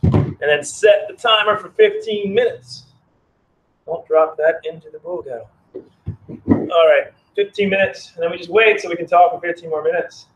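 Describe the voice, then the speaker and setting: Man, casual live-stream brewer, rambling and friendly with chat, slightly high voice, outdoors on phone camera. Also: moderate pace, rough recording. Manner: chatty, reads chat aloud, rambling. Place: outdoors in the cold.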